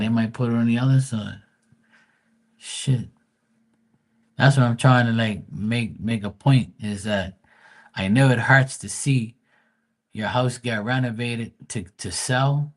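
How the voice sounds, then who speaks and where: A man's voice: medium pitch, normal speed. A man, giving blunt, profane advice on a casual livestream. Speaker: live tarot reader.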